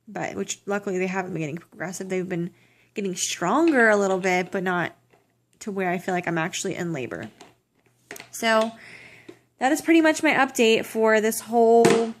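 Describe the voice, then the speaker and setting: A woman's voice: mid-range voice, moderate pace, slight background noise. A young woman giving a casual pregnancy update to her camera, rambling with restarts and self-corrections, sounding tired. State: tearful at times, exhausted. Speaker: vlogger.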